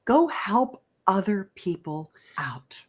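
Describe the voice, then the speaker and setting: A relationship expert appears as a guest in a conversational interview, talking enthusiastically in a coaching tone and laughing often. Her mid-range voice is very animated, slow and breathy-edged.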